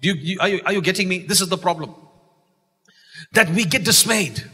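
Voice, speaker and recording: A pastor with a Malaysian English accent preaches an exuberant sermon in a church sanctuary, shouting key lines and calling for responses from the congregation. His voice sits on the high side and is husky, animated and a little fast. Long church reverb fills the recording.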